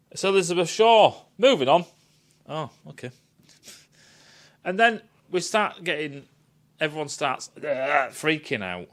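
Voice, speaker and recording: A man's voice: fairly high pitch, animated, a little slow, long pauses, fairly bright tone. A man giving a sweary, sarcastic rant reviewing a film.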